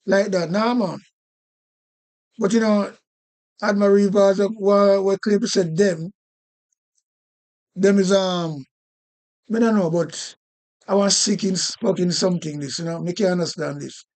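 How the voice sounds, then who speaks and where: A man's voice: high-pitched, steady tone, measured pace, pauses often, darkish tone. A man with a Jamaican accent ranting indignantly on a live stream, repeating himself and swearing. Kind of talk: casual political rant.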